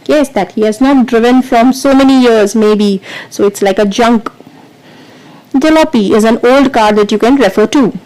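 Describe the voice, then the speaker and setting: A woman's voice: fairly high pitch, moderate pace, a little mellow, rough recording. A woman teaching vocabulary as a quiz, explaining patiently and counting down before each answer. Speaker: English teacher.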